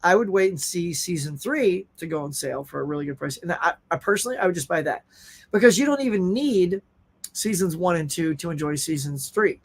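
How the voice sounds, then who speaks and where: A man's voice: sits high, animated, fairly quick. A middle-aged man hosting a casual live stream, chatting animatedly and reading viewer comments aloud. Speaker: host.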